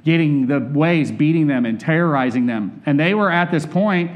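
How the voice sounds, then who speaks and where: A man's voice: a little high, lively intonation, normal speed. A man preaching a conversational sermon, candid and personal, often turning to ask his listeners questions.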